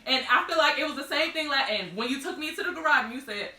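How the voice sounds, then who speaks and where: A woman speaking openly and haltingly in a candid group chat, with many fillers. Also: high voice, expressive, sharp tone, reverberant, distant mic. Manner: open, halting talk with many "like"s. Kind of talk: candid group chat about mental health.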